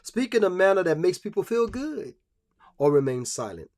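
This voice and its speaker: A man's voice: sits high, sing-song, normal speed, a little mellow. A man giving a live-streamed religious talk, preachy and emphatic, with many fillers and restarts.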